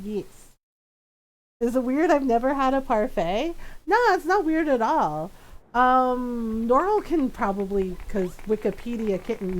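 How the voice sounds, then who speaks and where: A woman's voice: a little high, animated, normal speed. A woman streaming a video game, chatting casually and rambling with frequent giggles. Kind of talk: casual gameplay chat.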